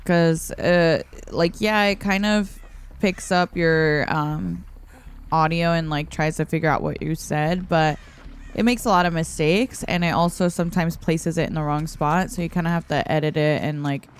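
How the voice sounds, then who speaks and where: A woman streamer with a hoarse, tired morning voice, chatting and giggling casually while she plays and reads her chat aloud. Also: low voice, normal speed. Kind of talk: casual gameplay livestream chat. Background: faint background music.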